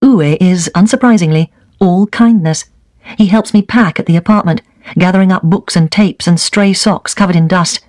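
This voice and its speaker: A man reading a first-person memoir aloud at a steady, even pace. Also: high voice, normal speed, dry recording. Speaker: reader of a set text.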